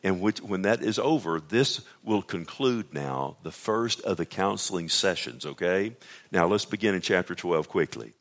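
A man preaching a sermon. He teaches the text conversationally, acts out its lines in a lively voice, and asks the congregation for agreement. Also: low voice, normal speed.

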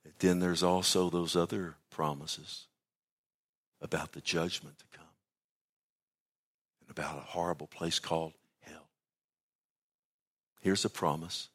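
Low-voiced man preaching; theatrical shifts from shouting to near-whisper, altar-call prayer. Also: steady tone, a little slow, pauses often, breathy edge. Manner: dramatic swings from loud exclaims to hushed whispers. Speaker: pastor. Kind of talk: sermon. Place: church service.

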